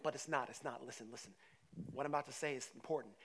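A man preaching a sermon to his church, telling a story in lively, casual words that swing from loud to hushed. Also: mid-range voice, quick pace. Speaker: pastor.

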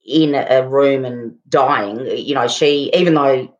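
A middle-aged woman co-hosting a podcast, speaking in a halting casual way with many pauses and restarts. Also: a bass voice, darkish tone, muffled recording. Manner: halting, full of fillers and restarts. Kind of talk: casual chat.

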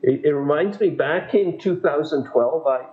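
A man's voice: a little high, moderate pace. A man chatting casually, rambling through an anecdote with false starts. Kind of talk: casual chat. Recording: dull lo-fi audio.

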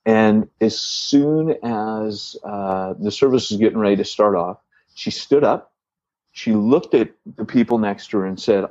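A church planter co-hosting a podcast tells a story in casual chat, his voice on the low side and a little slow. He's an animated storyteller who restarts often and acts out quoted dialogue. The lo-fi recording has no echo.

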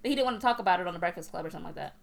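A woman's voice: lowish voice, lively intonation, rapid-fire, creaky. A woman in casual chat, teasing and insistent, laughing often.

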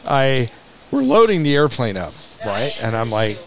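A man in a relaxed podcast conversation, telling a story with animated energy. He slips into the voices of the people in his story and laughs along the way. His voice sits at a mid pitch for a man. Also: normal speed. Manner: animated, acts out dialogue, laughs often. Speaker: museum managing director, podcast guest. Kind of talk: casual anecdotal storytelling.

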